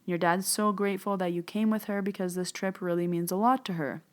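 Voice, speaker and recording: A woman's voice: mid-range voice, steady tone, fairly quick. A woman hosting a podcast, telling a personal story in a chatty way and replaying her own dialogue. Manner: chatty, retells dialogue, repeats phrases. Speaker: podcast host, medium.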